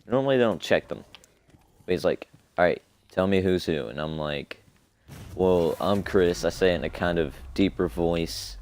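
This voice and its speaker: A young man with a deep, low voice talks through a long personal story. He is casual and profane and rambles between details. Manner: rambling, profane, laid-back. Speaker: streamer. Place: home streaming setup.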